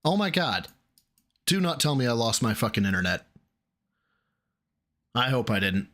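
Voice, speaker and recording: A man with a Midwestern American accent reacting to a clip on his live stream, swearing and exasperated, his voice jumping high. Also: very animated, normal speed, fairly bright tone. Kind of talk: casual live-stream commentary.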